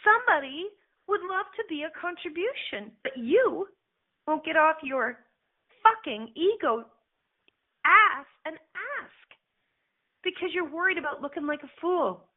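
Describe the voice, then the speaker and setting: A woman hosting a motivational radio show as a life coach, blunt and animated, swearing and laughing as she talks. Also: extremely high pitch, unhurried, long pauses. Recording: phone-like narrow band audio.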